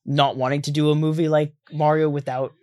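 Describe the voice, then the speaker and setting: A man's voice: fairly high pitch, flat delivery, brisk, darkish tone, no room sound, studio quality. A man hosting an interview, asking long, rambling questions with frequent restarts. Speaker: interview host. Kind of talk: casual interview conversation.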